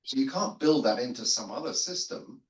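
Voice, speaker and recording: An older man, invited as a guest theologian on a seminary panel, tells stories in a rambling, self-deprecating, conversational style, often restarting. His mid-range voice is animated at a moderate pace. He's in a seminary lunch room, and the recording has a roomy echo.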